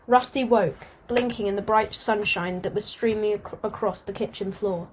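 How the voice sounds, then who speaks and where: A woman reading a storybook aloud at a mid-range pitch. She keeps a steady pace but now and then stumbles and starts a phrase over. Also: moderate pace, a little hiss or hum. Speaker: audiobook reader.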